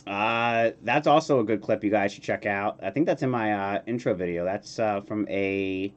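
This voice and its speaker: A man hosting a casual streamed interview, relaxed and halting, reading questions from chat. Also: on the low side. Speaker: podcast host.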